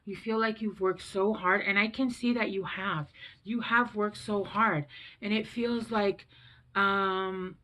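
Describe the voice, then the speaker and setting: A woman's voice: mid-range voice, steady tone, takes it slowly, sharp tone. Emotional, rambling woman doing a tarot reading. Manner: emotional, rambling, trails off and restarts. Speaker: tarot reader. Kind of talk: casual tarot reading to camera.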